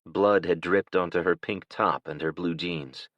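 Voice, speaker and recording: A man narrating an audiobook in a steady, measured way. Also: low voice, dry recording. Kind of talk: scripted narration. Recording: dull, dry lo-fi recording.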